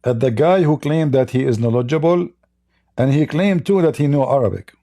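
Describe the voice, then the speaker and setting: A man hosting a livestream debate, talking casually in a slow, halting, mocking way. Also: mid-range voice, dark tone, no room sound, clean studio sound.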